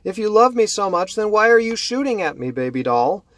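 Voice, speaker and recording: A man voicing a deranged young woman with an axe, who taunts in a shrill sing-song and shrieks in rage. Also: sing-song, fairly quick, no room sound, studio quality, natural voice. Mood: taunting sing-song.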